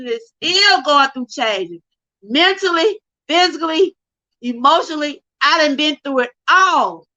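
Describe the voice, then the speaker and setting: A low-quality recording catches a middle-aged woman from Georgia, USA, whose high voice is bright and forceful. She fervently testifies on her livestream in a preacher-like way, close to tears, calling out to "y'all."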